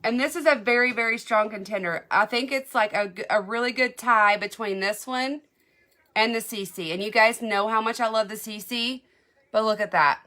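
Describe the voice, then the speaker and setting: A woman's voice: on the high side, normal speed, sharp tone. A woman selling beauty products in a live makeup demo, chatty and gushing, answering viewer comments as she goes.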